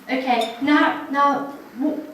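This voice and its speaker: A guest speaker addresses a ladies' gathering in a hall, sharing an earnest, uplifting personal testimony straight to the audience. Her high, fairly bright voice moves at a slow pace, and the recording was made from a distance in an echoey room with slight background noise.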